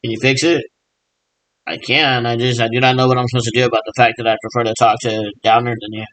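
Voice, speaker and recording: A man's voice: mid-range voice, completely flat delivery, rapid-fire, a bit bright, no room sound, low-quality recording. A man in a rambling, improvised monologue, mimicking radio check chatter and answering himself in a repetitive back-and-forth.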